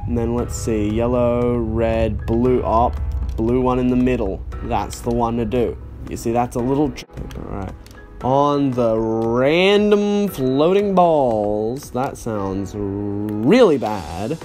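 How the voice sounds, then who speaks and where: A man's voice: medium pitch, fairly even intonation, unhurried, warm tone, soft background music. A young man commenting on a game he is playing, with sarcastic, incredulous reactions. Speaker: gaming YouTuber. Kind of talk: let's play commentary.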